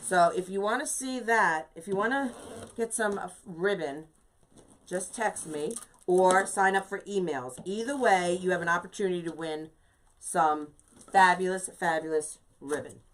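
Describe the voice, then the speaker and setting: A woman's voice: on the low side, unhurried. A woman in her fifties leading a live craft tutorial, chatty and emphatic, greeting viewers by name as she works. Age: 50s. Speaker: craft instructor and shop owner.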